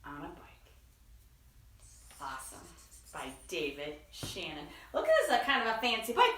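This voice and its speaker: A woman's voice: low-pitched, moderate pace, pauses often, distant mic, a little hiss or hum. Sing-song woman hosting children's story time. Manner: animated, sing-song, leads call-and-response. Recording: echoey room, voice away from mic.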